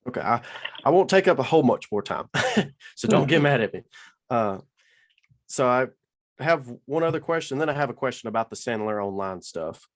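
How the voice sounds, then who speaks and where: A man's voice: mid-range voice, animated, fairly quick. A man in a meeting, asking a long question on a video call, rambling and hedging with fillers. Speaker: meeting participant.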